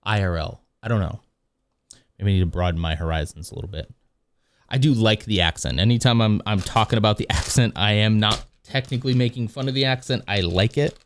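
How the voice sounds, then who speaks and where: A man's voice: on the low side, slight background noise. A man streaming live, chatting casually while reacting to videos and reading chat, rambling and correcting himself often. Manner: rambling, self-correcting, reads chat aloud.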